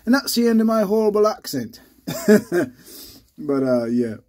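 A man hosting his channel in casual, rambling vlog talk, halting with many restarts, a little under the weather. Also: high-pitched, very animated, dark tone. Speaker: channel host.

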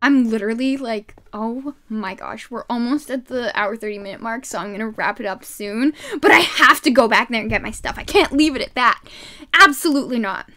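A woman streaming a game live, excitable and yelling her reactions, her throat sore from shouting. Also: on the high side, fairly quick.

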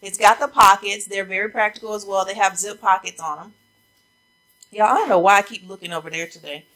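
Slightly breathless, a fashion vlogger chats to "y'all" about coats she's trying on in a casual haul video. Her mid-range, fairly bright voice is fairly quick with fairly even intonation, and the recording, from a camera mic facing a ring light, is rough.

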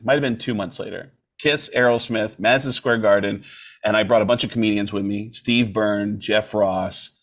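A man casually telling a story with animated delivery. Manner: animated, swings his pitch widely while telling a story.

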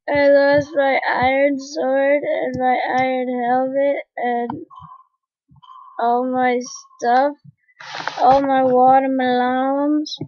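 A woman's voice: high-pitched, level tone, slow pace, darkish tone, no room sound. A woman giving dramatic, complaining gameplay commentary that breaks into panicked screams. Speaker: gamer. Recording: dull lo-fi home recording.

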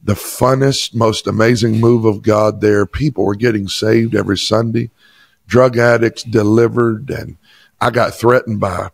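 A man's voice: lowish voice, steady tone, unhurried, creaky, slightly rough, dry recording. A pastor from Chattanooga, a man, telling an emphatic personal testimony in an interview. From Chattanooga, Tennessee. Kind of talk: interview storytelling.

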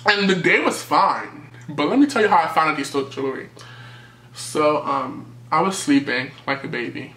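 A young man from New City, telling a storytime tale in a lively, animated way and acting out what people said. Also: a little high, moderate pace, reverberant. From New York City. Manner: animated storytelling, acting out quotes, jumps to yelps. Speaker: vlogger. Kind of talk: storytime vlog.

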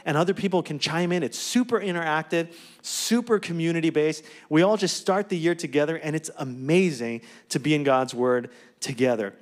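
A high-voiced, middle-aged male pastor speaks into a stage microphone before his congregation. His delivery is upbeat and chatty, and he drifts from earnest exhortation into joking asides. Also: normal speed. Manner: upbeat, conversational preaching with asides and quips. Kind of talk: church announcements and exhortation. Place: church sanctuary.

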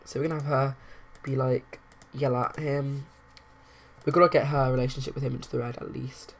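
A woman narrating her life-simulation game playthrough in rambling casual commentary, with bursts of excited outrage. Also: rumbling low, a little fast, slight background noise. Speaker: let's play narrator.

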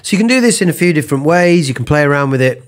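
A man with a British accent teaching singing, talking in a relaxed, encouraging way between vocal exercises. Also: on the high side, rapid-fire. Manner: relaxed, encouraging, talks while demonstrating. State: slightly under the weather after sneezing. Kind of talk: spoken vocal lesson between sung exercises.

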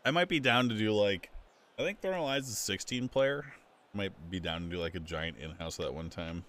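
A man's voice: on the low side, normal speed, fairly bright tone. A man joking around with friends in casual chat while they play a golf game. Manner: goofy, wildly swinging delivery. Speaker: friend playing along.

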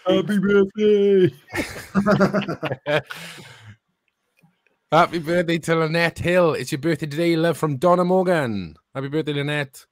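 A man co-hosting a podcast, reading out listener shout-outs in an upbeat, announcing way. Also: fairly high pitch, moderate pace, long pauses, dry recording, studio quality. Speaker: podcast co-host.

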